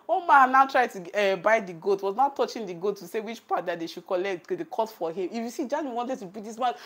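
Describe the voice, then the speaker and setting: A Nigerian-accented woman chats at a middle pitch while she cooks on a camera set on a tripod. She laughs often and reads out her live chat as she goes. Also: animated, fairly quick, few pauses, fairly bright tone. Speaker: cooking vlogger. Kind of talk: casual chat on a cooking livestream.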